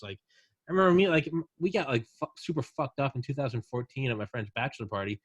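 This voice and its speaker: A young man talks in a loose, rambling way, full of swearing and silly bits where he plays other people. His voice sits at an ordinary pitch. It is close and dry, with no room sound. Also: lively intonation, quick pace, breathy edge, no room sound. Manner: rambling, profane, acts out drunk aliens in quotes. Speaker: podcast host. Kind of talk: casual chat.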